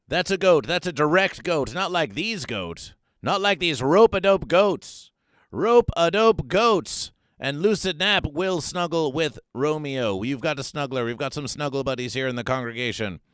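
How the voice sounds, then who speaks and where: A male comic host delivers mock-news commentary with theatrical swings between hushed asides and loud outbursts. His voice is bright and slightly high, with a smooth, clear tone. The sound is dry and close. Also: no echo.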